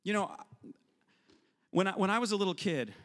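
A man preaches with a high, ringing voice, acting out prayers and little voices as he teaches. His words hang in a long hall reverb, as in a large church. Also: animated, moderate pace, a bit bright. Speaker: pastor. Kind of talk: sermon.

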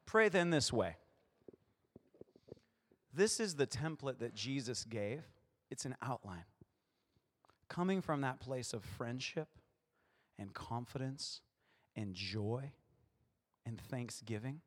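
A man's voice: medium pitch, animated, slow pace, pauses often, long reverb tail. A male pastor preaching a playful sermon, acting out short voices in his stories.

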